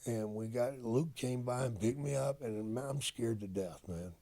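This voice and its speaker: An older man, a retired wrestler, telling stories in a casual interview, profane and animated as he acts out old conversations. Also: mid-range voice, moderate pace. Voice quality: gravelly, husky. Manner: profane, animated storyteller acting out quoted dialogue.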